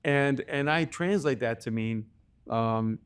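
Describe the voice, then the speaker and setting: A man's voice: mid-range voice, takes it slowly, clear, resonant tone. Man telling family stories with laughs. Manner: animated, laughs often while telling stories. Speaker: podcast guest, author. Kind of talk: conversational storytelling.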